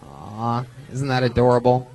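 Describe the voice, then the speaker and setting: A man hosting a live comedy show, energetic and hyping up the crowd. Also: medium pitch, unhurried, creaky, poor audio. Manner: energetic, hype announcer. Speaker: host.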